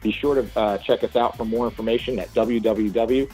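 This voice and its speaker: A man's voice: lowish voice, steady tone, fairly quick, darkish tone, soft background music, poor audio. A man hosting an instructional segment on movement training, walking through points methodically one by one. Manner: methodical, lists points step by step. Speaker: segment host, movement coach.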